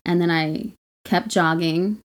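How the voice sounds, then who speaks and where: A woman's voice: fairly low pitch, fairly even intonation, takes it slowly. A woman co-hosting a podcast, telling stories in casual chat, blunt and profane with frequent laughs. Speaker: podcast co-host.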